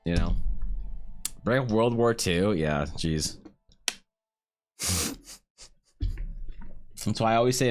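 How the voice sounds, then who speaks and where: A man, chatting on a livestream in a joking, slangy way, swearing and laughing. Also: fairly low pitch. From Canada. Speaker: art streamer. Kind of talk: casual livestream chat.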